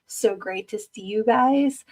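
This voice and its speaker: A woman in her fifties hosts a live-streamed podcast, chatting casually and ramblingly with viewers and laughing easily, tired from little sleep. Her voice is a little high and a little mellow, and her pace is slow.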